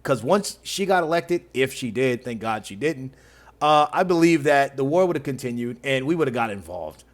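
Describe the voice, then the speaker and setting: A man's voice: medium pitch, animated, moderate pace. A man hosting a reaction video who mocks the clips with sarcasm and frequent laughter. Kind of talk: reaction commentary.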